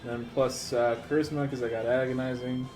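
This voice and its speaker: A man's voice: mid-range voice, little pitch movement, brisk, over music. A man playing a tabletop game, joking and laughing with the group. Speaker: player. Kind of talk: casual tabletop play.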